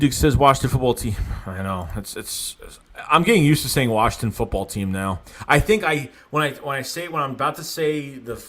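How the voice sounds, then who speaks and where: Excitable young man hosting a sports livestream. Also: medium pitch. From Philadelphia area. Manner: excitable, swears and groans at himself, lots of restarts. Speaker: livestream host reading fan comments. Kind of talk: casual livestream chat.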